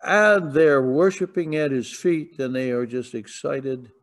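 Slow-speaking man preaching a sermon. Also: mid-range voice. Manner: storytelling, rising to emphatic declarations. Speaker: pastor. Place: church sanctuary.

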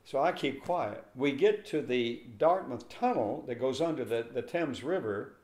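Older pastor telling a lively story. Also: male voice, medium pitch, normal speed. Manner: animated storyteller acting out dialogue. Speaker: pastor and interview guest. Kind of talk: storytelling in an interview. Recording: echoey room.

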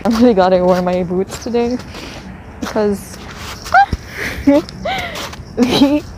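A woman's voice: mid-range voice, fairly even intonation, moderate pace, heavy background noise. A young woman casually narrating a vlog as she walks around outdoors, chatty and self-deprecating, with lots of filler words. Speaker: vlogger. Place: outdoors and on transit around a city.

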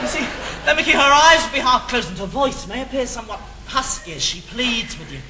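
A man's voice: extremely high pitch, a little fast, very noisy. An actor playing a posh, naive, bookish teenage boy in a stage musical, with an earnest and eager way of talking and singing. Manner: earnest and eager, animated sing-song delivery. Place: theatre stage. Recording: distant live theatre recording with music.

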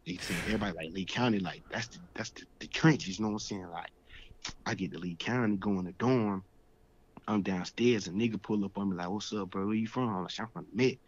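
A young man in his twenties, a guest in an interview, tells his story in slangy, streetwise casual speech. His voice sits on the low side and moves at a quick pace, with a little hiss or hum. The recording sounds dull and lo-fi.

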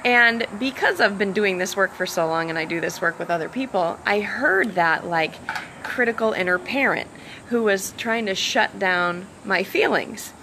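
Woman coach, bright and gravelly, animated live-stream talker, a little sore-throated, outside by the sea with faint background hum. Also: mid-range voice, low-quality recording. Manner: animated, acts out quoted dialogue. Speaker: self-love coach and hypnotherapist. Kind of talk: casual live-stream talk. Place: outdoors by the ocean.

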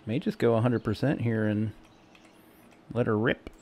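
A man's voice: on the low side, fairly even intonation, moderate pace, dark tone. A man playing a golf video game and talking his way through each shot in casual, self-mocking let's-play commentary. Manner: chatty, self-mocking, talks to himself while playing.

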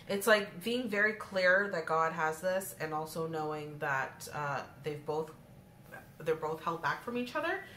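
A woman with a fairly low voice does a casual, chatty tarot reading, talking straight to her viewers. The room is echoey, and a steady noise of shuffled, clicking cards sits behind her voice. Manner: chatty, addresses viewers directly, breaks into laughter. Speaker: tarot card reader.

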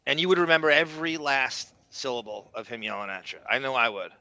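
Lively bright-voiced man. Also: mid-range voice, fast talker, no echo. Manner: lively, jokey, asks questions. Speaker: podcast co-host. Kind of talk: casual chat.

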